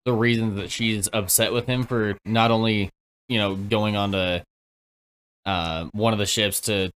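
A man on a movie podcast, relaxed and chatty, filling in story background for his co-host. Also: lowish voice, a little slow, slight background noise. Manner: laid-back, explains lore, chuckles along. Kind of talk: casual movie commentary chat.

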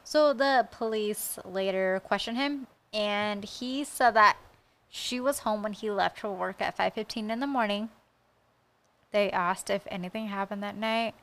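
A woman co-hosting a casual true-crime podcast, blunt and quick to swear. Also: mid-range voice, fairly bright tone. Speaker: podcast co-host.

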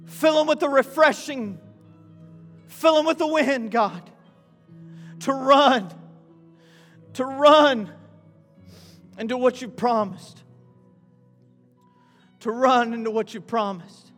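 Man preaching, really high voice, goes from hushed pleading to shouted prayer, faint music under. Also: measured pace, long pauses. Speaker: pastor. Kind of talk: sermon and prayer. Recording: long reverb with faint music.

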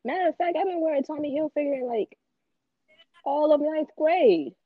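A woman co-hosting a casual podcast chat, reacting quickly and cutting in often. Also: sits high, narrow, tinny audio, a little hiss or hum. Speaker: podcast co-host.

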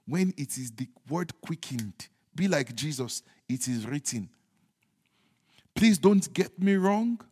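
A man preaching a sermon as pastor, repeating his points emphatically and moving between loud declarations and hushed, joking asides. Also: fairly high pitch, lively intonation, takes it slowly, slightly rough. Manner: humorous asides with chuckles. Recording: long hall reverb.

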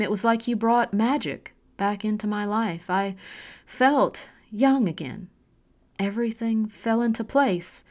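Woman reader doing a stern, earnest middle-aged mom in an audiobook; slow, deliberate, pressing. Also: mid-range voice, lightly acted. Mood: wistful. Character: intense middle-aged mother, hard on her daughter. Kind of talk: audiobook character voicing.

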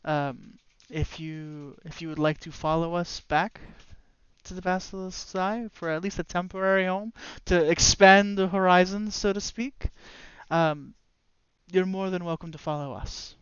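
A man voicing a friendly young water genasi woman who speaks gently and hesitantly. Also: sits high, steady tone, unhurried, clean tone, no echo, highs cut off. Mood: welcoming.

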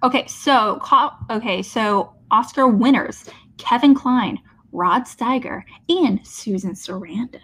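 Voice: mid-range voice, slow pace, a bit bright, husky. A person co-hosting a podcast in casual movie chat, talking hesitantly with many restarts. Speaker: podcast co-host.

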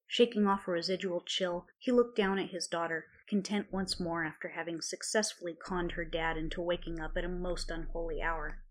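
A woman reading a story aloud in a measured, quiet way. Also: on the low side, steady tone. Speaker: narrator. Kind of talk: storybook narration of fan fiction.

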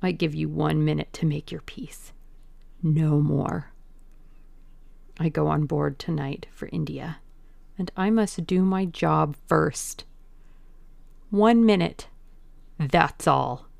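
A woman voicing a vengeful young sailor who growls low, half-whispered threats in a dramatized audiobook reading. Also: slow pace, gravelly, long pauses, a little mellow, no echo, exaggerated voice. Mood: threatening.

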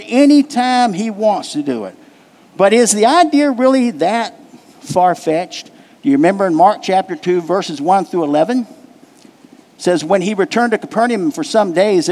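High, lively preaching man in a reverberant church. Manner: preaching with emphatic repetition and questions to the congregation. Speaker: pastor. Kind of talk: sermon. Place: church sanctuary.

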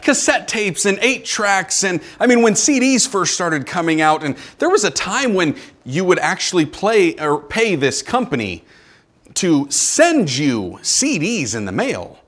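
A man's voice: high-pitched, big pitch swings, unhurried, a bit bright. A man in his forties, a pastor giving a casual, conversational sermon in a church with joking asides to the congregation. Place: church sanctuary.

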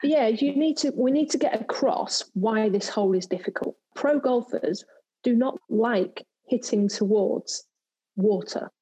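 A woman's voice: fairly high pitch, measured pace, mellow, husky, rough recording. A woman from England, a former pro golfer and TV presenter, chatting in an interview and telling stories with lots of fillers and restarts. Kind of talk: casual interview chat.

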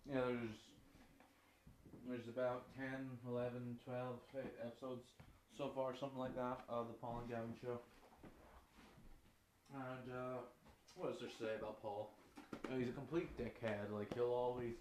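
A man's voice: mid-range voice, a little mellow, slight background noise. A young man with a Northern Irish accent hosting a casual, unscripted podcast, sweary, rambling and self-mocking. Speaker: podcast host. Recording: roomy echoing room.

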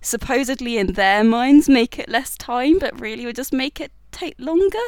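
A woman hosting a podcast, who rambles and giggles through casual banter before she steers on to the next guest. Her voice sits fairly high, and the sound is dry and close with no room echo. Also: normal speed. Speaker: podcast host. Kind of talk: casual chat.

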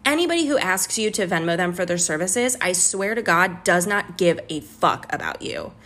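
A woman's voice: lowish voice, animated, normal speed, fairly bright tone. Female podcast host, business coach, fired-up and exasperated, blunt and profane. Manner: heated, exasperated ranting with swearing. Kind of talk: candid business podcast monologue.

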